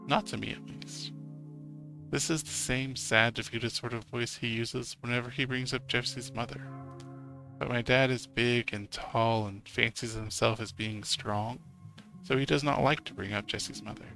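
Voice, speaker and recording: A male streamer reading a story game's narration aloud, adding wry little asides. His voice is bright and forward with a gravelly texture. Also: medium pitch.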